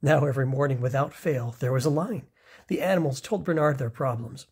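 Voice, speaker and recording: A reader reading a children's picture book aloud, slow and expressive. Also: mid-range voice, breathy edge. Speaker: storybook reader. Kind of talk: children's story read-aloud.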